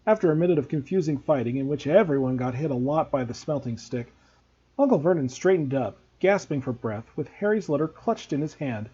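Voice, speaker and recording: A man, a teacher, reading a novel aloud to students in a steady, expressive way. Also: fairly high pitch, brisk, breathy edge, lo-fi sound.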